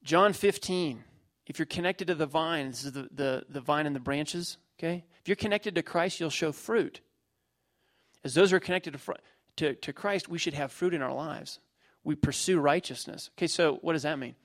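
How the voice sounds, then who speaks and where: A man's voice: fairly high pitch, moderate pace. Emphatic man preaching a sermon. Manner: emphatic, repeats phrases, lively preaching with everyday illustrations. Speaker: pastor.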